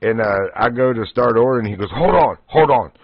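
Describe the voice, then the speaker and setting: A livestream host spins casual, folksy tales, laughing a lot as he talks fairly quickly in an expressive, medium-pitched voice. The stream audio is dull, dry and lo-fi, with no room sound.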